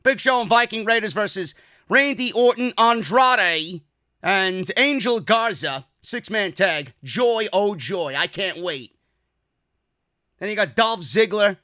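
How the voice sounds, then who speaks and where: A man's voice: high-pitched, expressive, takes it slowly, sharp tone, no room sound, studio quality. A man with a New York accent hosting a wrestling review podcast, talking in a sarcastic, profane, exasperated way. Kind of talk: casual review monologue.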